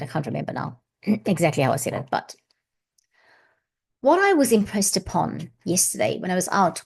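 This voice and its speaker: A woman's voice: low voice, gravelly, a little mellow, slightly rough. A woman hosting a casual spiritual vlog, chatty and meandering with many asides, who at times breaks into flowing chanted syllables. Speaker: spiritual channel host.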